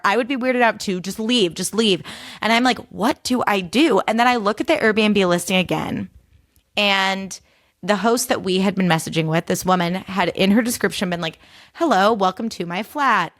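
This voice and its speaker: Recorded in studio quality with no echo, this young podcast host from the United States tells a story in a casual, animated way. She voices other people's lines with big leaps in pitch and leans heavily on the word "like."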